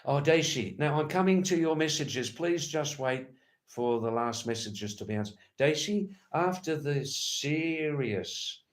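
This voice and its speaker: A man hosting a casual livestream from Nepal, answering viewer comments in a slow, rambling, playful way and often repeating his words. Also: fairly high pitch, lively intonation. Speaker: livestream host.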